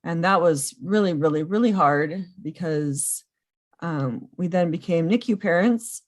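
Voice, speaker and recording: A woman in her thirties telling a personal story earnestly, often pausing with ums. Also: fairly low pitch. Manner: earnest and emotional, with frequent ums. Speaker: podcast guest, foster and adoptive mother.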